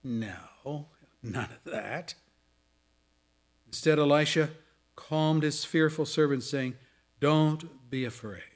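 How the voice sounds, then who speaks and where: A man preaching a sermon, swinging between loud dramatic scripture reading and hushed asides. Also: fairly high pitch, slow, long pauses. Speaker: pastor. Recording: audio of a sermon.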